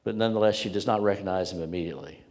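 Low-voiced preacher in a reverberant church. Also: male voice, racing, darkish tone. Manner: emphatic, storytelling, repeats words for weight. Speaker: pastor. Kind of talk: sermon. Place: church sanctuary with congregation. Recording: long church hall reverb.

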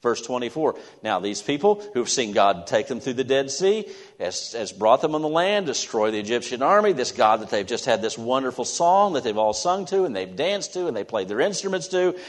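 A man's voice: medium pitch, very animated. Preaching man in a reverberant hall. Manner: swings from loud emphatic stretches to soft, slow, quiet endings. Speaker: pastor. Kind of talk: sermon. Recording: long reverb of a large hall.

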